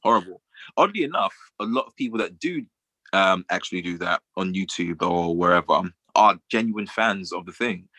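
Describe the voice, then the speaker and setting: Brief: male podcast co-host, very deep voice, dry close sound, thoughtful and easy to laugh. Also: expressive, sharp tone, dry recording. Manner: measured and reflective, laughs easily. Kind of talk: casual chat.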